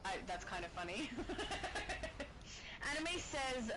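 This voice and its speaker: Woman, stream co-host, casual and giggly, reads chat aloud, voice a touch high. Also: sing-song, slow, low-quality recording. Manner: laughs often, apologetic, reads comments aloud. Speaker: livestream co-host reading chat.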